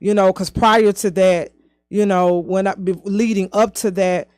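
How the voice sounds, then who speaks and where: A woman. She is a podcast guest telling a personal story in a halting way, full of "you know" and "um", and she often speeds up and slows down. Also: mid-range voice, steady tone, darkish tone, no room sound, clean studio sound. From southern United States.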